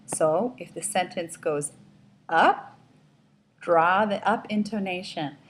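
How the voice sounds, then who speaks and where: A woman's voice: fairly low pitch, a little slow, slight background noise. A woman teaching a pronunciation lesson, saying each word and sentence twice with careful, exaggerated enunciation. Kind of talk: slow, clearly enunciated lesson.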